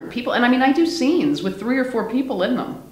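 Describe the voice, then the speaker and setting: An actress chatting casually in an interview, laughing often and using plenty of fillers. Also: female voice, on the high side, animated, fast talker. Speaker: actress in a one-woman show. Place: lounge at a theater. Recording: roomy echo.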